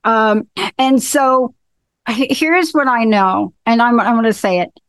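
Enthusiastic higher-voiced woman hosting a show. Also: unhurried, no echo. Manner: enthusiastic, repeats and restarts phrases. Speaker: show host. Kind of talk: casual talk-show chat.

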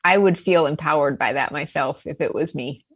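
Low-voiced woman explaining her practice. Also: normal speed, breathy edge, no echo, muffled recording. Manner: earnest and explanatory. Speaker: guest regression therapist. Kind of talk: interview answers.

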